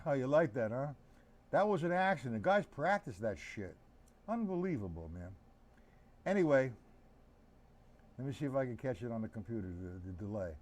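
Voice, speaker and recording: A man's voice: mid-range voice, animated, normal speed, pauses often, darkish tone. A man teaching drums on a live stream, chatting loosely and answering viewers by name. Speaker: drum teacher. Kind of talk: live-streamed drum lesson.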